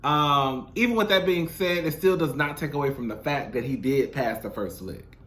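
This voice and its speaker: A man's voice: medium pitch, normal speed. A man giving blunt, sassy commentary in a casual reality show recap, talking straight to his viewers. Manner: sassy, blunt, animated, calls viewers "girl".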